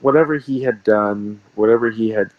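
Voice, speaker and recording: A man's voice: fairly low pitch, normal speed, phone-quality sound. A man, a sports card shop owner, telling rambling stories in a casual interview and repeating himself.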